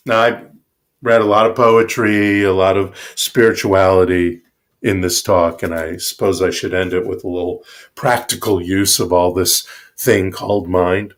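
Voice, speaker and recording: A male minister giving a sermon, speaking in a slow, reflective and emphatic way. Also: low voice, fairly even intonation.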